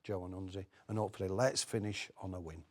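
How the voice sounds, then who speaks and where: A man's voice: low-pitched, fairly even intonation, fast talker. A man giving hesitant, casual opinions on an upcoming match as a studio guest. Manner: hesitant, many "uh"s and restarts. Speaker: studio pundit. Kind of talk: casual football chat.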